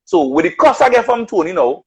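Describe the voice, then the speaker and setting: A radio announcer and artist shares anecdotes about his music career, bringing them to life by performing other people's quotes. His voice is very high, creaky and husky, moving fairly quickly on a rough recording, and the chat is casual and animated.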